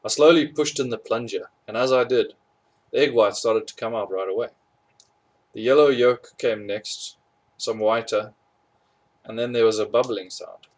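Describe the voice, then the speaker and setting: An audiobook reader with a medium-pitched voice reads a storybook chapter at a moderate pace. He finds it funny, chuckling at the amusing parts and correcting his slips as he goes. The recording is rough.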